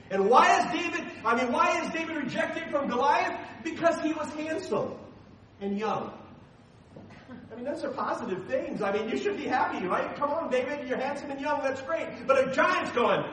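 A male pastor delivering a sermon in an animated, conversational way, full of rhetorical questions. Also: very high voice, moderate pace, distant mic, slight background noise. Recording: echoey hall, from afar, faint ambience.

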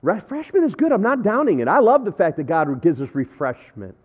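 Male pastor, conversational sermon, animated delivery, tinny phone-quality sound. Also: high voice, brisk, husky. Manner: conversational storytelling, self-deprecating; animated, shifting between loud and hushed. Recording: thin phone-like audio.

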